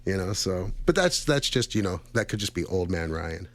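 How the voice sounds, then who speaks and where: A man's voice: low-pitched, lively intonation, moderate pace. A man in his thirties co-hosting a radio show, chatting casually in a rambling, friendly way and laughing often. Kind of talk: casual chat.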